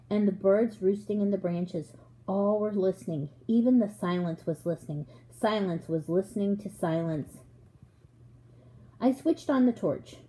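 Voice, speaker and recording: A woman narrates a children's storybook aloud with expressive, measured pacing. Her voice is mellow and warm. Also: mid-range voice, rough recording. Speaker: audiobook reader.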